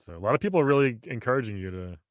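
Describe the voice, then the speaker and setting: A man in his forties hosting a retro gaming chat, enthusiastic and quick to laugh. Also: mid-range voice, animated, no room sound. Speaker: podcast host. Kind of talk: casual chat.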